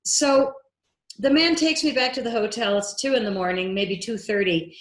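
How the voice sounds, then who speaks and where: A woman filmmaker, a guest in an interview, tells a story with lively energy and acts out every line of dialogue she quotes. Her voice sits a little high. The recording has a noticeable room echo. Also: normal speed. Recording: echoey room.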